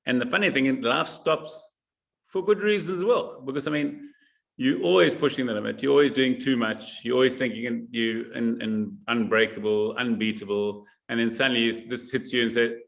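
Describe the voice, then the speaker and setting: A man guest from South Africa talking in a casual interview, halting and repeating words with emphasis. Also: mid-range voice, steady tone, creaky.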